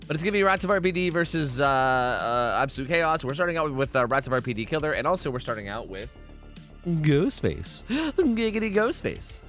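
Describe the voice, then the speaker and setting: A man's voice: mid-range voice, lively intonation, fast talker, few pauses, a bit bright, soft background music. A man hosting a casual livestream who swears a lot, rambles, and keeps thanking subscribers.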